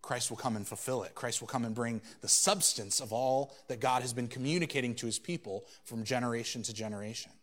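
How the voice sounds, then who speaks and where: A man preaching a sermon, swinging between loud emphatic peaks and quiet low asides, acting out quoted exchanges in a conversational voice. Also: a little fast, hardly any pauses. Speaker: pastor.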